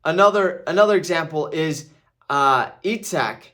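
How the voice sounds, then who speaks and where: Chatty, fairly high-voiced male reviewer. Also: lively intonation, moderate pace, pushed and bright. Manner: conversational, repeats himself, tags "right?". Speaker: movie reviewer. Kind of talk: casual video commentary.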